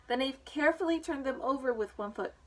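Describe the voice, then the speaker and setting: Woman reading a storybook aloud, higher voice. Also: animated, a little fast, rough recording. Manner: informal reading with ums and picture remarks. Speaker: reader.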